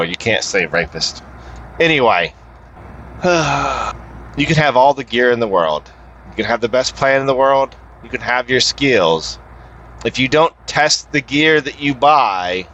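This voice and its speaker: A man's voice: mid-range voice, pushed and bright. A man talking in a casual, rambling, profane monologue while driving at night. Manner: profane, rambling, talks to other drivers. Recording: slightly dull lo-fi sound, faint road noise. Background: faint traffic and engine noise.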